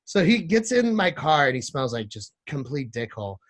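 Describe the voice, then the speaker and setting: A man in a slightly raised voice tells a crude comic story, jumping into other people's lines as he goes. His delivery is animated and full of swearing. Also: a little high, moderate pace. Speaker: podcast guest.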